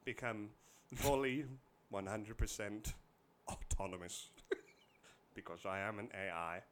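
A man's voice: fairly low pitch, slow pace, fairly bright tone, a little hiss or hum. A man co-hosting a casual podcast chat, rambling and laughing often. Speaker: podcast co-host.

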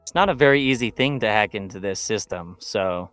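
A man voicing a smug male hacker who poses as a digital god, speaking in a calm, matter-of-fact way. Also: on the low side, brisk, smooth, no echo, faint music behind.

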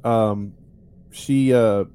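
A man's voice: fairly low pitch, fairly even intonation, drawn-out words, mellow, clear, resonant tone. A man hosting a podcast, telling a story in a rambling, wry way with many fillers. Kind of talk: casual storytelling chat.

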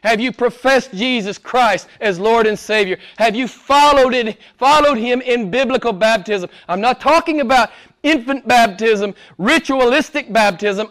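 In his role as pastor, a man preaches and questions the congregation again and again. His voice rises to loud, emphatic high points and falls to hushed, low-pitched asides.

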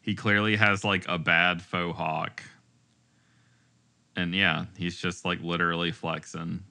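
A man's voice: deep voice, little pitch movement, measured pace, sharp tone. A man chatting casually over a game, describing things at length in a wry way. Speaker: let's play co-host. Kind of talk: casual gameplay chat.

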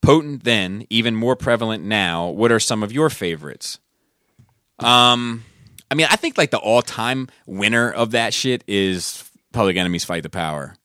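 A man's voice: on the low side, animated, normal speed, bright, forceful tone, no echo, clean studio sound. A man co-hosting a podcast, reading listener messages in a casual, laid-back way and swearing freely. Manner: laid-back, profane, laughs at his own stories.

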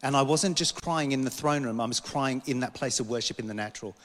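British preacher telling a vision story. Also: male voice, medium pitch, quick pace, fairly bright tone, in a large hall. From Britain. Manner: storytelling, rambling, self-interrupting, joking asides. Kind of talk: sermon with personal testimony. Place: church hall.

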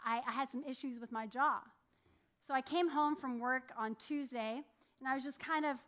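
Bright high-voiced woman preaching. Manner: animated storytelling, acting out a locked jaw. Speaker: pastor. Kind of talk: sermon. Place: church sanctuary.

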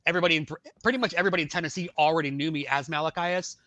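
A man's voice: a little high, fairly even intonation, very fast, bright, forceful tone, no echo. A man, an Army veteran and podcast guest, telling his testimony in a casual, rambling way, full of "like" and "you know".

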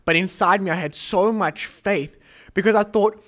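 A young man with a fairly high voice tells a faith testimony on a podcast. He speaks earnestly and with animation, acting out the prayers he recalls. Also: normal speed. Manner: earnest, animated storytelling, quoting prayers aloud. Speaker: podcast host. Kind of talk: emotional testimony in a casual chat.

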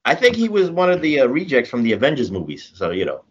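A man co-hosting a casual wrestling podcast, opinionated and animated, often starting points with "again.". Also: medium pitch, fast, husky, dull audio. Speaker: podcast co-host.

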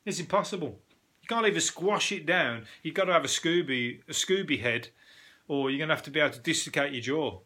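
A British man hosting a casual news podcast, ranting and joking in an animated, sweary way with laughing asides. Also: fairly high pitch, brisk. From Britain. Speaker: podcast host.

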